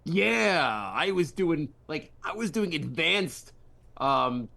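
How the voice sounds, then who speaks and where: A man co-hosting a casual comedy podcast, playful and riffing, jumping into quick bits. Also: on the high side, very animated, creaky, pushed and bright. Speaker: podcast co-host.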